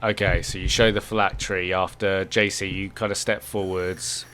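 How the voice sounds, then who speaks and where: Game master, low voice. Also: male voice, level tone, moderate pace, fairly bright tone, a little hiss or hum. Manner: casual, filler-heavy narration. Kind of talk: narrating a tabletop game.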